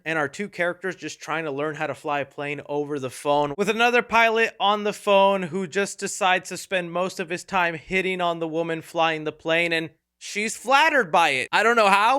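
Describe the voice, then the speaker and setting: A man's voice: high-pitched, pushed and bright, clear, resonant tone. A man giving a casual movie review in a sarcastic, jokey way. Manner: sarcastic, jokey, fond of quick impressions. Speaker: film reviewer.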